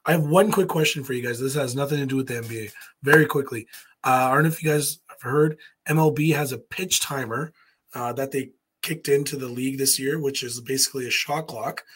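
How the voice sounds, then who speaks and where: A man's voice: medium pitch, brisk, fairly bright tone, husky. A man co-hosting a podcast, chatting loosely about sports and putting questions to the others. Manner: loose, rambling, asks the panel questions. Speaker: podcast co-host. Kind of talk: casual sports chat.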